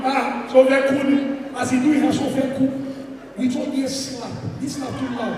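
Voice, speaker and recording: A man with a Nigerian accent doing a loud, animated stand-up comedy routine and slipping into pidgin. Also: extremely high pitch, normal speed, slight background noise. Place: large indoor comedy venue. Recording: echoey hall from far off, crowd.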